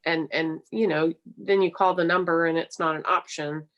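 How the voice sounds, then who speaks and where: Low-voiced councilwoman asking questions. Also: steady tone, moderate pace, dull audio. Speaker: city council member. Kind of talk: budget hearing questions.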